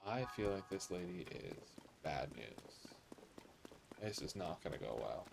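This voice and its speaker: A man's voice: low voice, sing-song, unhurried, gravelly, noisy background. A man with an American accent streaming a video game, chatting casually and sassily to viewers. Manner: chatty, sassy, reads game dialogue aloud. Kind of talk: casual live game commentary.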